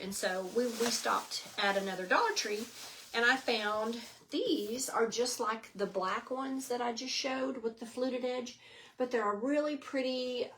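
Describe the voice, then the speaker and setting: A middle-aged woman with a slightly high, fairly bright voice hosts a craft stream from home, chatting and rambling a bit breathlessly. She greets viewers by name, and there's a little background noise.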